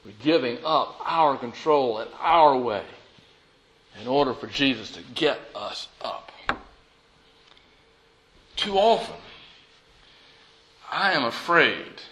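A man preaching a sermon as pastor, swinging from loud and urgent to hushed and pleading as he acts out prayers. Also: mid-range voice, animated, slow pace, pauses often, a little hiss or hum.

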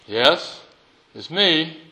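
A man voicing God, who answers from above in a calm, matter-of-fact way. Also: fairly high pitch, drawn-out words, echoey room, heavily acted.

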